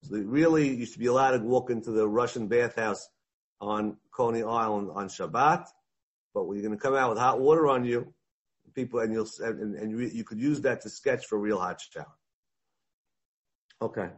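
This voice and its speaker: Speaking at a normal speed, a man lectures a Talmud class, weaving Hebrew and Aramaic into his English. He has an everyday middle pitch with a husky, slightly rough quality, and he gets lively, performing the voices of the text while explaining.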